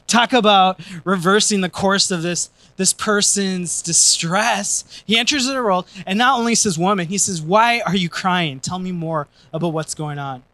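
A male pastor preaching a sermon in a high, bright voice, close and dry on the mic. He swings from lively joking to earnest, softer stretches. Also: no room sound. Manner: energetic and joking, then earnest and soft. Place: church.

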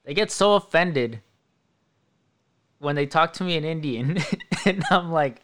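A man co-hosting a casual podcast with a slightly raised pitch, telling animated anecdotes broken up by laughter. Clear background noise runs under his voice. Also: unhurried, long pauses. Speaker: podcast co-host. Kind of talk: casual chat.

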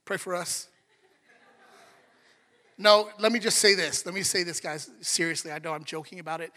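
A man's voice: sits high, pushed and bright, in a large hall. A man preaching a sermon as a pastor, joking and talking conversationally with the congregation. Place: church sanctuary.

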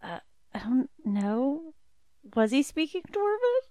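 Blunt woman with a lively, slow voice. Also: sits high, dry recording. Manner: blunt, swears freely. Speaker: player. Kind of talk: casual game chat.

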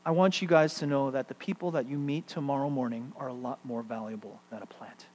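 A middle-aged man preaching a sermon, shifting between loud emphatic peaks and hushed, quiet stretches. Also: medium pitch, steady tone, a little fast. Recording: long hall reverb, faint mains hum.

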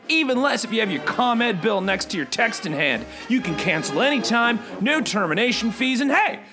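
A man voicing a bored, hyper male bird who hosts a podcast, rambling in goofy self-talking asides. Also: high-pitched. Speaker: podcast host. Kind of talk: comedic character podcast. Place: home recording booth.

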